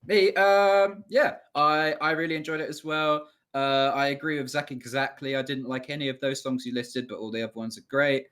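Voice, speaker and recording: A man's voice: medium pitch, fairly even intonation, moderate pace, hardly any pauses, fairly bright tone. Rambling, laughing young man. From England. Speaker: band member podcast host. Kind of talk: casual chat.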